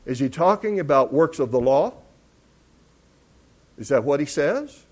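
A man's voice: on the high side, expressive, measured pace. A man preaching a sermon, emphatic and teacherly, asking questions and answering them. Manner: emphatic, rising loud on key words.

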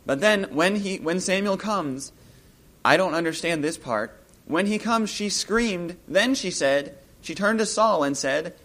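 A man giving an informal Bible talk, musing aloud as he retells a scripture story and growing lively when he acts out the scenes. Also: high voice, measured pace.

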